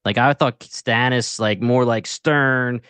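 A man co-hosting a casual talk show about a TV series, animated and slangy, often breaking into laughter as he tells his reactions. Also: mid-range voice, slow pace, clear, resonant tone, no echo. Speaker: podcast co-host. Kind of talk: casual chat.

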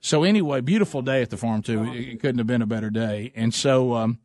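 A man hosting a radio show, telling a story in a casual, animated way with lots of restarts. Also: mid-range voice, a little fast, no echo.

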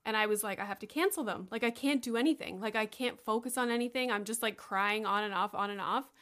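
A woman's voice: fairly high pitch, fast talker. A woman in her thirties from Canada, telling a story in casual chat with lots of fillers and casual swearing. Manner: animated, chatty, swears casually.

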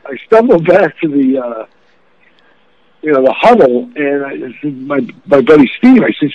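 A middle-aged man, an actor guest, telling animated stories in casual talk and laughing often. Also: medium pitch, fairly quick, no room sound. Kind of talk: casual storytelling. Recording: dull lo-fi phone line.

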